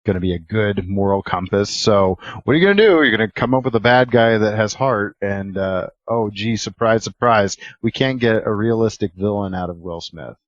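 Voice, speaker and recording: A man's voice: on the low side, a little fast, few pauses, no echo, highs cut off. A man co-hosting a podcast, joking and laughing in casual chat. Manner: jokey, laughs often. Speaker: podcast co-host.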